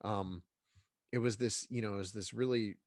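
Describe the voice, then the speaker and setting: A man's voice: fairly low pitch, fairly even intonation, normal speed, darkish tone, no room sound, studio quality. A man talking as a guest in a casual interview, congested, rambling along with many restarts and fillers. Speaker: guest filmmaker.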